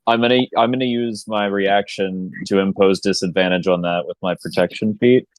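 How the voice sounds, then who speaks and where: A man's voice: deep voice, steady tone, normal speed, dry recording. A man playing a tabletop game, chatting in a laid-back, playful way. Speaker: player. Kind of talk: casual tabletop game chat.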